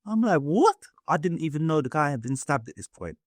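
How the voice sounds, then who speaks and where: A man's voice: a little high, lively intonation, fast, no echo, studio quality. A young man from England, telling his life story bluntly in a casual interview, swearing and acting out what people said. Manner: blunt, swearing, acts out voices in quotes, many fillers.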